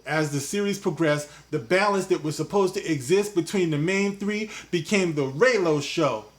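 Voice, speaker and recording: A man voicing an exaggerated, sassy woman in a mocking falsetto with drawn-out words. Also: fairly bright tone. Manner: drawn-out mocking falsetto, calls listener "girl".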